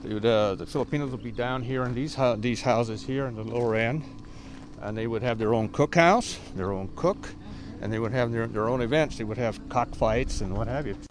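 An older man, an author and guide, telling local history and reading aloud from his book with many hesitant pauses. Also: mid-range voice, slight background noise.

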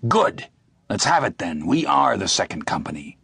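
A man's voice: lowish voice, very animated, moderate pace, creaky, bright, forceful tone, breathy edge, no echo, clean studio sound, heavily acted. A man voicing a shrewd, hard-bitten older soldier in an audiobook, speaking brusquely and demanding. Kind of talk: audiobook character voice.

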